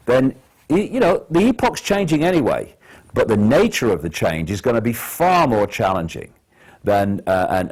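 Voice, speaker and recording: A man from Britain giving an impassioned speech to an audience, emphatic, building to forceful peaks and repeating words as he presses on. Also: medium pitch. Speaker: public speaker.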